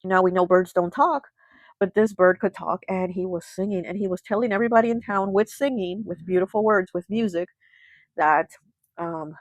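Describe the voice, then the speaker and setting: A woman's voice: lowish voice, normal speed, no room sound, poor audio. A woman, host of a tarot channel, retelling a folk tale in a chatty, casual way, full of fillers. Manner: chatty, heavy with fillers like "you know" and "like". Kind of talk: casual storytelling.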